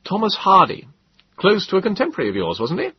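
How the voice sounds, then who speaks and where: A man voicing an eager, bookish young male time traveller in an audiobook, with a husky voice and a bright, quick manner. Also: high-pitched, wildly swooping pitch, no room sound, pitched above the performer's own voice, exaggerated voice. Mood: lively. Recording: dull lo-fi dry audiobook.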